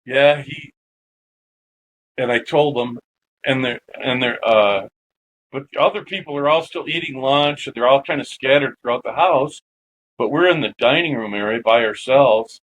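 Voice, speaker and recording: A man as a podcast guest, telling a personal story in an animated, casual way and swearing freely. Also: medium pitch, moderate pace, a little hiss or hum, rough recording.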